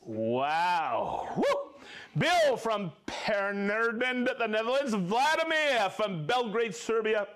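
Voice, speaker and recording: Upbeat high-voiced man reading shout-outs. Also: big pitch swings, takes it slowly, few pauses. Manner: upbeat, reads viewer names and places, jokes and laughs. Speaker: livestream host. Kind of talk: live-stream shout-outs.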